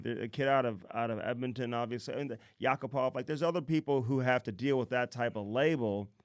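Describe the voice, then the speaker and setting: A man's voice: medium pitch, clear, resonant tone, no room sound, clean studio sound. A man hosting a podcast, asking loose, rambling questions full of fillers. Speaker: podcast host. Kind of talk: casual interview.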